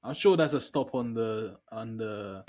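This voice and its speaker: A man's voice: fairly low pitch, measured pace, a little mellow. A man co-hosting a film podcast, chatting casually and stubbornly holding his point, with a British accent. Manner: laid-back, trailing off, stubborn in banter. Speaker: podcast co-host. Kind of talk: casual chat.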